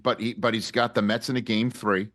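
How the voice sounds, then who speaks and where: A man hosting a sports talk show on a video call from abroad, joking and animated. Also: fairly low pitch, fairly quick. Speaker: host. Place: hotel room abroad.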